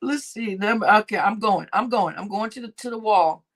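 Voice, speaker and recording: A woman's voice: mid-range voice, moderate pace. A woman hosting a casual livestream, laughing constantly between remarks and swearing freely. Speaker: livestream host.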